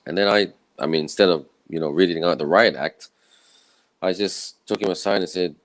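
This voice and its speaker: A man from Malaysia, speaking in a croaky, tired voice in an earnest, conversational personal talk to camera. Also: low-pitched, moderate pace, dry recording. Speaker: summit speaker. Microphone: own camera setup with a clip mic.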